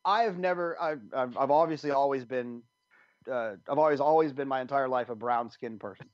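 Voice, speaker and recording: A man's voice: medium pitch, fairly quick, no echo. Guy on a podcast rambling through a story, lots of restarts, dry dull sound. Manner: rambling, many restarts, animated. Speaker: podcast guest telling a story. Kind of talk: casual storytelling.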